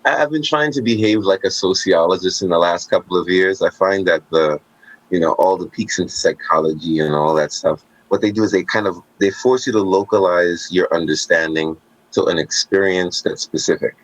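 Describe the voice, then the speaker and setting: Deep-voiced man talking emphatically. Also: normal speed, no echo, dull audio. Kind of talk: casual conversation.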